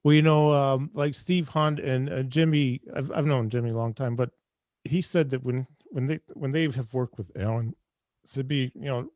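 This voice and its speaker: A man hosting a casual video-call interview, chatty and enthusiastic, with lots of quick agreeing sounds. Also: mid-range voice, a little mellow, no echo. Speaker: interview host.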